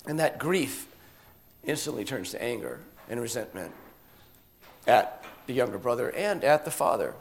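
A man preaching a sermon, telling a story with animated delivery and drawing answers from listeners. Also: mid-range voice, normal speed. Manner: animated storytelling, acts out quoted voices.

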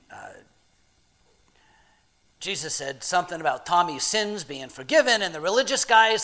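A man performing a dramatic monologue as a plain-spoken married working man, talking in rough everyday grammar with halting restarts, dropping to a hushed murmur and rising to loud, excited telling. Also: high-pitched, full character voice. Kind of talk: dramatic first-person monologue.

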